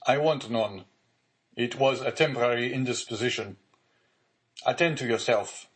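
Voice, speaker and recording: A man's voice: medium pitch, normal speed, pitched above the performer's own voice, close to an everyday voice. A man reading as an anxious, commanding magistrate. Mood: urgent. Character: pale frightened male magistrate, anxious, commanding.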